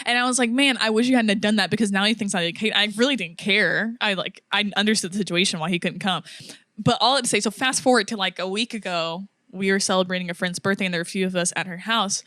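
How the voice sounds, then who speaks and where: A young woman on a podcast tells a long personal story in casual chat. She laughs a lot and acts out each quote, at a middle pitch. The sound is close and dry. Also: quick pace, bright, forceful tone, no room sound. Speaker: podcast co-host.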